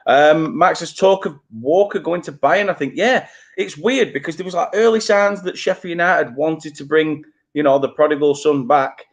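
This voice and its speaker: Self-mocking lad with a Burnley accent. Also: male voice, on the high side, normal speed. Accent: Burnley, Lancashire. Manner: casual, self-mocking, stumbles over names. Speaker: fan channel host. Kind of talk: live watchalong chat, reading chat comments.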